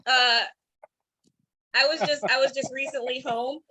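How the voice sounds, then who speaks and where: A woman comedian in her thirties from Cleveland, telling stand-up stories online with animated voiced quotes. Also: high voice, measured pace. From Cleveland, Ohio. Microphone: streaming from home.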